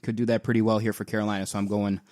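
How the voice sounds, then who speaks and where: A man co-hosting a casual sports chat, relaxed and enthusiastic, trailing off with fillers. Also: fairly low pitch, rapid-fire. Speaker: co-host.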